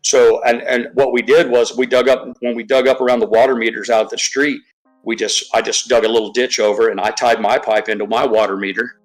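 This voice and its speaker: A man's voice: medium pitch, flat delivery, a little fast, soft background music, poor audio. A man chatting casually on a live stream, rambling, swearing freely and restarting his sentences often. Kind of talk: casual chat.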